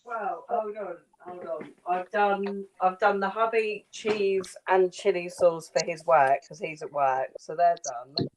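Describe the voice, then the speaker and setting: A woman's voice: fairly low pitch, takes it slowly, few pauses, a little hiss or hum, rough recording. A woman chatting casually on a live stream from her kitchen, blunt and teasing, swearing freely. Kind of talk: casual chat. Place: home kitchen.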